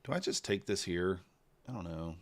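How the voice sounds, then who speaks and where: A man giving casual live commentary while trading, thinking out loud in an unhurried, low-key way. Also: lively intonation. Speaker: livestreaming futures trader.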